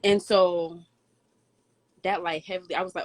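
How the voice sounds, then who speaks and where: A young woman chatting casually about a personal experience, relaxed and full of "like". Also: on the low side, moderate pace. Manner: relaxed, filler-heavy, says "like" a lot. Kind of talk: casual chat.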